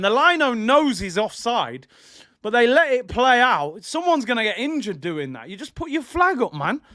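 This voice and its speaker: A young man calls a football match live for his viewers. His voice is high and bright, and he breaks into excited shouts whenever a chance comes. He chats in casual slang between the big moments. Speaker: watch-along host. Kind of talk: live football watch-along commentary.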